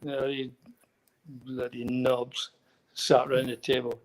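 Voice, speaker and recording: With a Scottish accent and a mid-range, monotone voice, this older ex-footballer tells rambling guest anecdotes at an unhurried pace, chuckling at times. It's casual storytelling, captured on poor audio.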